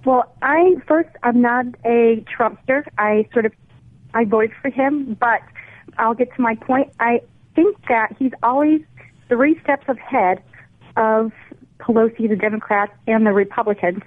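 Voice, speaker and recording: A woman's voice: fairly high pitch, a little slow, no room sound. A woman calling in to a radio talk show, hesitant at first and earnest in her views. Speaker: caller. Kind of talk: call-in radio conversation. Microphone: telephone. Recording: tinny phone line.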